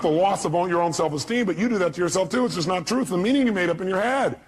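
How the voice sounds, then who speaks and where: A man's voice: high-pitched, animated, rapid-fire, hardly any pauses. A man giving a motivational seminar speech, emphatic and blunt, throwing rhetorical questions at his audience. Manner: blunt, slangy. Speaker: motivational speaker.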